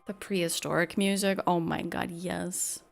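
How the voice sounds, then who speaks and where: A woman's voice: on the low side, fairly even intonation, unhurried, creaky, soft background music. A woman live-streaming a game, chatting casually with viewers in a chatty, giggly way.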